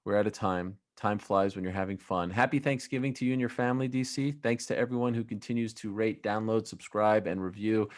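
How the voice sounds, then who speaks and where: A man hosting a casual sports podcast, telling animated stories with restarts and wrapping up with sign-off announcements. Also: on the low side, a little fast, hardly any pauses. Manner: animated storyteller, hesitant restarts. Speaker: podcast host.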